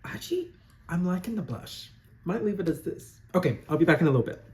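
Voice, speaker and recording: Background noise sits under a quick, expressive, high-set voice as a man in drag narrates a makeup tutorial shot on a phone at home. He keeps things casual and chatty, playfully giggling and poking fun at himself.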